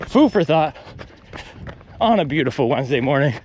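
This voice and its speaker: A man's voice runs a little high with big pitch swings and a darkish tone, at a moderate pace. Vlogging outdoors during a run, he delivers wry, ranting asides between strides in a casual monologue. The audio sounds dull, with slight background noise.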